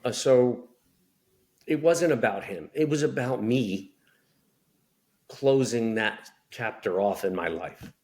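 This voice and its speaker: A middle-aged man telling candid family stories as a podcast guest, animated, acting out voices of relatives. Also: medium pitch, slow, pauses often. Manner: animated storyteller, acts out family members' voices. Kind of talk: candid storytelling conversation.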